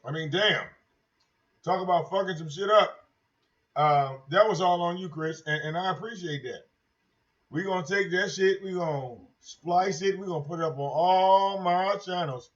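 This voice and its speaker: A high-voiced man holds forth on his own livestream in a brash, profane and mocking way, circling back over the same points. His voice comes through dull, lo-fi stream audio. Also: moderate pace. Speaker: livestream host. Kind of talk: casual livestream rant.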